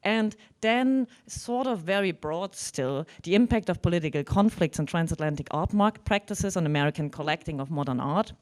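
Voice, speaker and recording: A woman presents at a conference. Her voice sits fairly low, and her talk is thoughtful and hedged, full of "sort of" and restarted sentences. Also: expressive, moderate pace, few pauses, darkish tone. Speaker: professor giving a conference talk.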